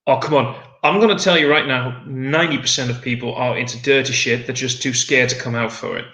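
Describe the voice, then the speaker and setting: Male guest, bright, slightly high voice, rambling casual chat over a call in an echoey room. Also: fairly even intonation, brisk. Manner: rambling, frequent restarts.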